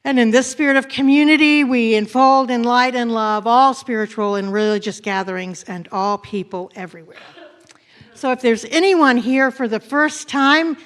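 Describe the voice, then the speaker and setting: A woman senior minister with a voice on the high side welcomes her congregation in a church sanctuary. She then guides them through a slow, soft meditative prayer.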